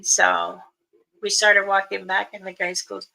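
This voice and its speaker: A woman, a spiritual elder, telling a story in casual spoken style, unhurried, pausing and restarting. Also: mid-range voice, level tone, creaky, pushed and bright, poor audio.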